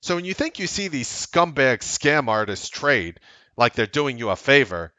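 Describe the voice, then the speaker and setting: A man hosting a trading livestream, talking bluntly and sarcastically, swinging from loud outbursts to low asides. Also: huge pitch swings, moderate pace, dry recording. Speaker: trading coach and livestream host. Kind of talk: unscripted livestream commentary.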